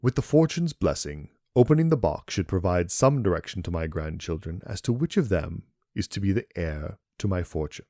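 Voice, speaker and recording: A man with a deep voice playing a haughty old steward who reads a will in a slow, measured, formal way, in a horror audio story. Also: sing-song, dark tone, no echo, clean studio sound.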